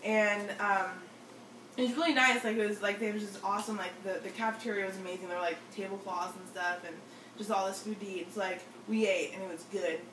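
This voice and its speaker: A woman's voice: medium pitch, steady tone, brisk, background noise. A young woman telling a story to friends in a chatty way, saying "like" often and acting out what people said. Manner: chatty, heavy use of "like", acts out quotes. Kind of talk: casual storytelling chat. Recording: roomy sound, mic at a distance, faint ambience.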